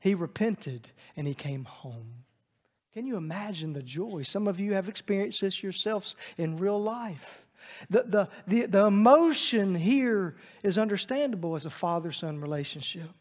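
Preacher, male, high-pitched voice, dynamic sermon delivery, loud to hushed, in a large hall with long reverb. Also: expressive, moderate pace.

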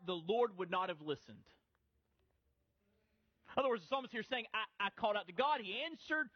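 A man's voice: extremely high pitch, dry recording, lo-fi sound. A middle-aged male pastor preaching a sermon in a conversational, easygoing way, often restarting his phrases.

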